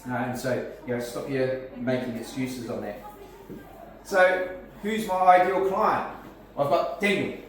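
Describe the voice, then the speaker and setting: A man's voice: mid-range voice, measured pace, a little hiss or hum. A man with a New Zealand accent, a life coach giving a casual live talk to a networking group, speaking conversationally with frequent restarts and fillers. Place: cafe function room, in front of a group. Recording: echoey room, distant mic, faint ambience.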